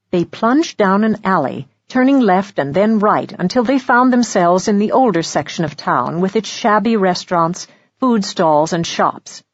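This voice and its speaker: A woman reads an audiobook in a steady, measured narration. Her tone is breathy and a little husky. The recording is dry and slightly dull. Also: mid-range voice, dry recording. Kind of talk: scripted narration.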